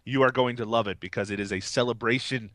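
A man's voice: medium pitch, steady tone, fast talker, a bit bright, no room sound. A man co-hosting a podcast in casual, rambling, enthusiastic chat, often laughing, while recovering from a cold. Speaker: podcast co-host.

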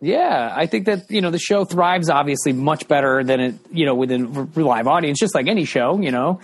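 A man's voice: on the high side, fairly quick, husky. A man hosting a chat show, talking in an eager, upbeat way and laughing often. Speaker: podcast host. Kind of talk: casual chat.

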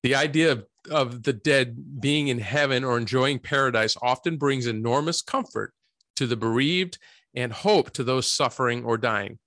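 A man in his forties co-hosting a casual Christian podcast, chatty and quick to laugh, sometimes stumbling over his words. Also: medium pitch, fairly bright tone, no room sound, clean studio sound. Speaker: podcast co-host.

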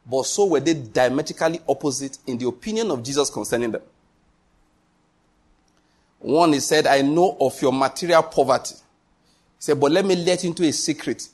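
Male pastor, sermon, husky, a little high, emphatic, repetitive, rhetorical questions.

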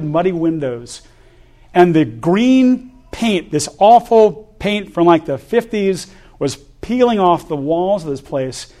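A man preaching to his congregation, telling a personal testimony with lively energy and the odd laugh. His voice sits a little higher than most men's. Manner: animated storyteller, laughs between lines.

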